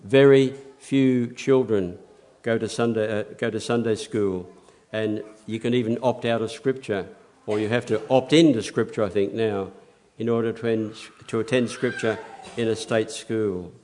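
An older man preaching a sermon in an earnest, measured way, with emphatic rises on key points. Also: fairly low pitch, steady tone, a little mellow.

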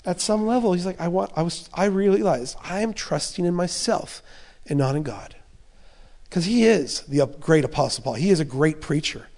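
A man preaching a sermon with passion, voicing an apostle's inner thoughts and swinging from loud urgent lines to soft, hushed ones. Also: high voice, lively intonation, normal speed.

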